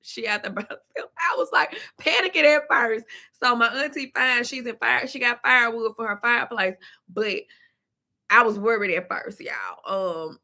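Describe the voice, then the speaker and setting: Brief: woman with a Memphis Southern accent, livestream host, chatty and talking straight to the chat, voice a touch high and very bright. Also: normal speed, vocal fry. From Memphis, Tennessee. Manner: chatty, talks to viewers and reads the chat aloud. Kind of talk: casual live-chat venting.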